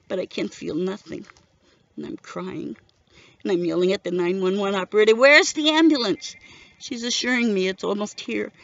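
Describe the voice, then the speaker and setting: A middle-aged widow telling her story in an earnest, grieving personal testimony. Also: on the low side. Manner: grieving, earnest, steady recounting. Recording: dull lo-fi recording.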